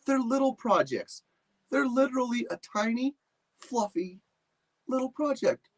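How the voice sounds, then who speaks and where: A man's voice: very high-pitched, lively intonation, unhurried, pitched above the performer's own voice, full character voice, rough recording. A man voicing a young boy who speaks plainly and patiently to his dogs. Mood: exasperated.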